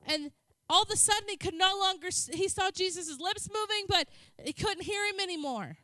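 A woman preaches to her congregation in a chatty, joking way. Her voice sits very high and sounds bright and sharp. The sound is dry and close, with little room echo. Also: a little fast. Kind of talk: sermon. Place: church.

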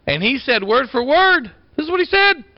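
A man preaching a folksy storytelling sermon, swinging from loud bursts to quiet asides. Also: extremely high pitch, very animated, normal speed, dry recording. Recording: dull lo-fi sound.

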